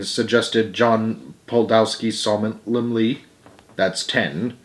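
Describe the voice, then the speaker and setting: A man's voice: on the low side, fairly even intonation, slow. A man reading a children's book aloud, adding casual asides and correcting his own stumbles. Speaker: storyteller.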